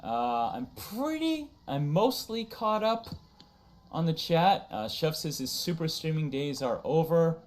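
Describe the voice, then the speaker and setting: Male stream host, talkative and loose, reading chat aloud, voice sitting a bit high. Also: big pitch swings, measured pace. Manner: chatty, laughs often, reads chat aloud. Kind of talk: casual livestream chat.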